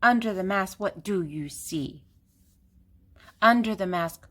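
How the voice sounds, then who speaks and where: A woman's voice: mid-range voice, slow, pushed and bright, a little hiss or hum. An older woman reading a children's picture book aloud, with a playful sing-song delivery and fun animal sounds.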